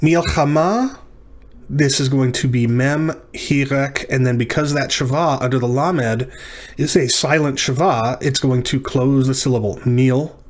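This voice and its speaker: A man's voice: mid-range voice, steady tone. Man thinking aloud through a lesson. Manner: thinking aloud, pausing with ums and self-corrections. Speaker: teacher. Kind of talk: recorded lecture walking through exercises.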